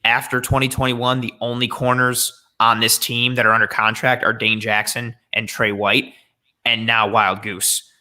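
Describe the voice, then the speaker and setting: A man appearing as a guest draft scout, giving animated football analysis in a giggly, playful way. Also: medium pitch, moderate pace. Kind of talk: casual sports chat.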